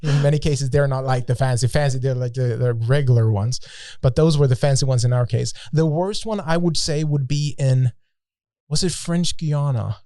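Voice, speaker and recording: A man's voice: medium pitch, normal speed, mellow, dry recording, clean studio sound. A man, a podcast guest, telling a travel story in a casual, joking way with many restarts.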